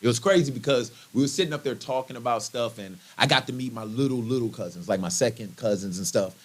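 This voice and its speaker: A man, a comedian guest, telling a funny story in an animated, chatty way and laughing often. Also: mid-range voice, quick pace. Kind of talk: comic storytelling in conversation.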